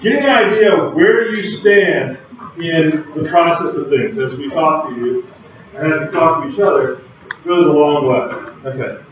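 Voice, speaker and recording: A man's voice: fairly high pitch, unhurried. A man giving a university lecture in a casual, conversational way, chatting with the class and adding asides. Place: large lecture hall. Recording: very echoey hall, voice far from the mic, dull lo-fi sound, faint background hum.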